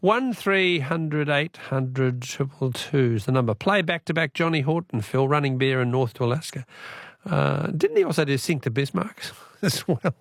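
A man's voice: fairly high pitch, big pitch swings, normal speed, creaky, no echo, studio quality. An Australian man hosting a talkback radio quiz, chatty and matey, reading out listener texts.

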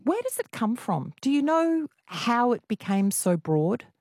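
A woman radio host presenting a talkback show in a chatty, teasing, brisk way. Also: on the high side, sing-song, darkish tone, no room sound, studio quality. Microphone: studio microphone.

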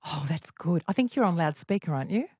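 A woman hosting a radio talk show, brisk and chatty as she takes calls. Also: lowish voice, lively intonation, dark tone, slightly rough. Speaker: radio host. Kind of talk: radio interview.

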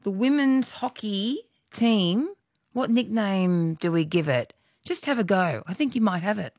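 A woman's voice: medium pitch, animated, unhurried, a little mellow, no echo, clean studio sound. An Australian woman hosting a call-in radio quiz, chatty and friendly. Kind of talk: casual radio chat.

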